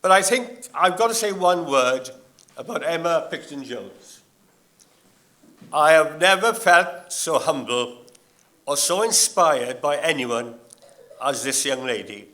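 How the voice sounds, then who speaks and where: An older man giving a graduation address in a slow, measured and anecdotal manner. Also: fairly high pitch, animated, sharp tone. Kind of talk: ceremonial speech.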